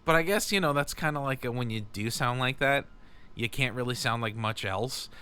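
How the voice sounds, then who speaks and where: Young male solo podcaster, loose and profane, bright and forceful, bad-cable audio from a home garage. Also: medium pitch, normal speed, smooth. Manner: rambling, profane, self-mocking. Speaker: podcast host. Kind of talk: casual solo podcast monologue.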